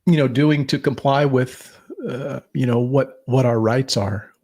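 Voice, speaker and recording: A man's voice: mid-range voice, steady tone, measured pace, a little mellow. A man co-hosting a podcast, giving blunt political opinions, swearing and rambling with restarts. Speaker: podcast co-host.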